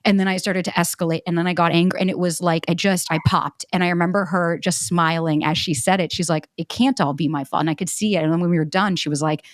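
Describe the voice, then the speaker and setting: A woman's voice: fairly low pitch, little pitch movement, fast, few pauses, no room sound, studio quality. A woman in her thirties hosting a podcast in casual chat, emphatic and outspoken, swearing freely and acting out quotes. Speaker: podcast host.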